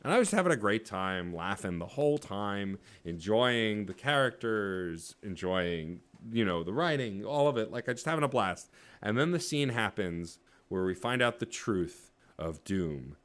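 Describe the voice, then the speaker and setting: A man in his thirties, co-hosting a casual podcast chat and telling stories in an animated way with lots of filler words. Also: fairly low pitch, measured pace. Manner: animated storyteller, many filler "like"s. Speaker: podcast co-host.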